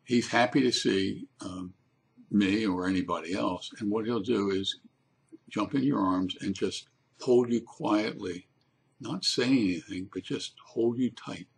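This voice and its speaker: An older man telling a warm family story in a casual, unhurried way, with frequent pauses and restarts. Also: on the low side, vocal fry, husky.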